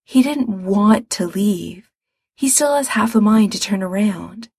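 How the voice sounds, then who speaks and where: A woman narrating a story in a soft, measured reading voice. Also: mid-range voice, expressive, slightly rough, no room sound.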